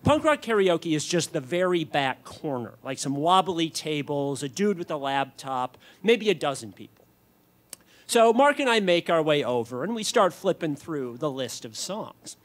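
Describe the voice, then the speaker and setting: A man in his thirties telling a comic personal story on stage, animated with sudden loud peaks. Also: fairly high pitch, normal speed. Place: on stage at a club.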